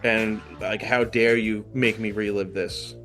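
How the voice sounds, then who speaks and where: A man's voice: on the low side, steady tone, unhurried, a bit bright, soft background music. A man co-hosting a podcast, trading jokes about a movie and giving earnest opinions. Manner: joking, then earnest opinions. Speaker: podcast co-host. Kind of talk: casual movie discussion.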